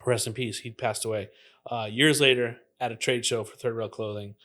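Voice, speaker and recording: A man's voice: mid-range voice, normal speed. A man in his fifties from Los Angeles, a graffiti artist telling stories as a guest and acting out the voices of the people in them. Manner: animated storyteller who acts out the voices of people in his stories. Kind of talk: casual storytelling interview.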